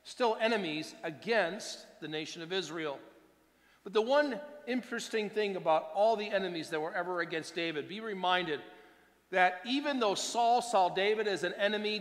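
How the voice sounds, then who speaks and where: Man, pastor, sermon, slightly high voice, soft-to-loud swings, long hall reverb. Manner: preaching with wide swings between soft and loud.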